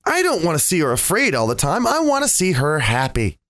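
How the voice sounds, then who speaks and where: A podcast host giving a reflective monologue, wry and sarcastic, telling stories with lively turns. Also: mid-range voice, a little fast, no echo. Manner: wry, sarcastic, animated storytelling.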